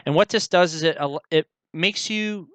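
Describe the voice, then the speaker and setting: A young man talking casually to the camera in a vlog, halting, with many fillers as he searches for words. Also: a little high, fairly bright tone, smooth, no echo, poor audio. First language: English. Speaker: language learner.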